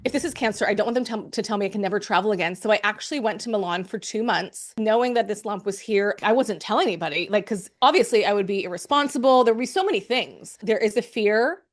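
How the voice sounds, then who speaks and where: A woman's voice: mid-range voice, fast talker, hardly any pauses. A young adult woman candidly telling her personal story of illness, chatty and emotional, often quoting what others said to her. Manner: chatty, emotional, quotes others in reported speech. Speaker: cancer patient sharing her story.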